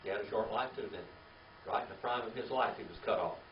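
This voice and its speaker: A man's voice: lowish voice, fast, background noise. A man teaching a Bible class, asking questions and having the group repeat Hebrew words aloud. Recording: roomy, distant, dull lo-fi sound.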